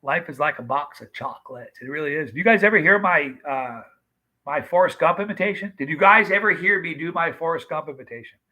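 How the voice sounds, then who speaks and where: A man's voice: a little high, fairly quick, bright, forceful tone, low-quality recording. Chatty fifty-something man hosting a livestream. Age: 50s. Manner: chatty, greets viewers by name. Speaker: livestream host. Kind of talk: casual livestream chat.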